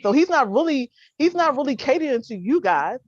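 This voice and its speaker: A woman's voice: high-pitched, big pitch swings, brisk, a little mellow, no room sound. A woman co-hosting a casual panel debate over a video call, blunt and dismissive, talking in loose slang. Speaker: talk show co-host. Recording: dull lo-fi video call audio.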